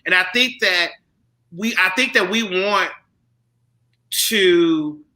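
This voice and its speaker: A man co-hosting a discussion panel, talking in a conversational, animated way and often repeating himself. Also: sits high, takes it slowly, poor audio.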